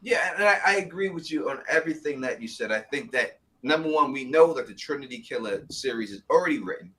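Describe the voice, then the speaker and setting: A man with a New York accent hosting a casual TV recap chat, talking in an animated, rambling way with frequent chuckles. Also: mid-range voice, fast. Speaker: podcast host.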